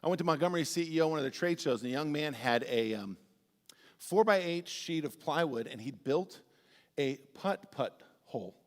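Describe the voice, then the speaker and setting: A man preaching a sermon as pastor, telling animated, humorous stories with big swings in his voice. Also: on the high side, normal speed. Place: church sanctuary. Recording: long church-hall reverb.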